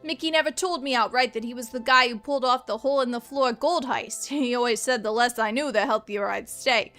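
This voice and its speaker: A down-on-his-luck treasure hunter from the 1930s, reading his own journal in a tough-guy gangster drawl, as a woman puts him on. The voice sits fairly high for a man. Faint game music hums underneath. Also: brisk, a bit bright. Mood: weary, rueful. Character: struggling 1930s male treasure hunter, gruff. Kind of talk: reading a journal aloud in character.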